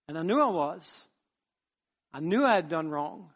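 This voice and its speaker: A man's voice: on the high side, lively intonation, unhurried. A man preaching a sermon, building to an impassioned, repetitive cadence as he tells his own testimony.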